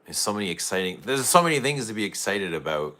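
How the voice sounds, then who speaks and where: A man with a low, forceful, bright voice hosts an early-morning livestream. He chats easily and greets viewers one by one as he reads their comments. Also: very animated, fast talker. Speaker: perfume livestream host. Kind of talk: casual livestream chat with viewers.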